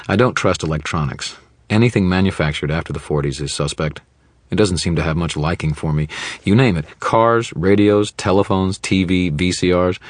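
A man reading a first-person audiobook narration in a wry, deadpan manner. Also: extremely low pitch, breathy edge, no room sound.

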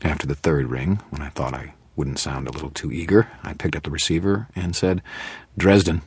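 A man reading a first-person audiobook narration in a wry, deadpan manner. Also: extremely low pitch, brisk, husky, dry recording.

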